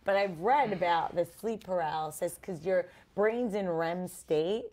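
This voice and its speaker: A woman guest in a casual chat, telling a story in a lively way and giggling often. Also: on the low side, measured pace.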